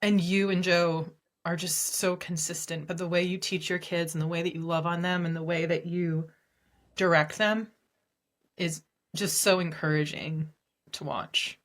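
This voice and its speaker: Female podcast co-host, lower-pitched voice, earnest and encouraging, laughs easily. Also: fairly even intonation, unhurried. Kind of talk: casual chat.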